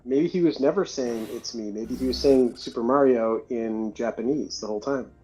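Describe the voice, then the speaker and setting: A man guesting on a gaming stream, playfully reasoning through a joke out loud. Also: mid-range voice, normal speed, faint music behind, rough recording. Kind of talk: casual stream chat.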